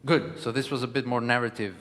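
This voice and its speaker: A man lecturing and coaching verse declamation, animated and encouraging, with frequent hesitation fillers. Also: medium pitch, fast, big-room sound. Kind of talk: teaching lecture with spoken demonstrations.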